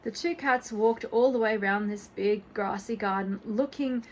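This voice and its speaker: A woman reading a children's storybook aloud in a gentle, expressive bedtime-story manner. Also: mid-range voice, a little slow, slight background noise, low-quality recording.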